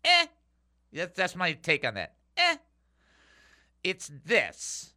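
Bright, upbeat male Bible teacher. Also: on the high side, a little slow. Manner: energetic, chatty, speaks straight to listeners. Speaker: radio Bible teacher and host.

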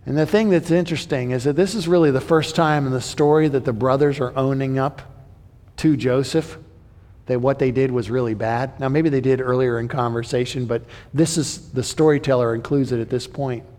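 A man preaching a sermon in an animated way, acting out the people in the story as he paraphrases them. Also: mid-range voice, fairly quick, long reverb tail. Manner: animated, voices the brothers and Joseph in paraphrase.

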